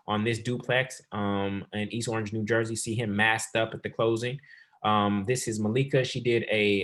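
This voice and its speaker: A man hosting a real estate investing webinar as coach, talking fast and calling the audience y'all. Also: mid-range voice, fairly bright tone. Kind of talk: sales webinar presentation.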